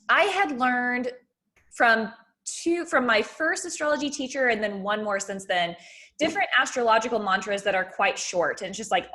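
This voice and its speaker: Woman interviewer, eager, chimes in with soft agreement. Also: a little high. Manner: enthusiastic, frequent soft backchannels. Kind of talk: casual interview chat.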